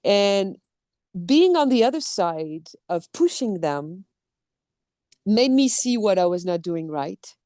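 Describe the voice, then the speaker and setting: A woman from France with a French accent, a voice director and actor talking as a podcast guest in a lively, expressive way, acting out quotes. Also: medium pitch, slow, no echo, studio quality. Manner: animated, expressive, acts out quotes. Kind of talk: casual interview chat.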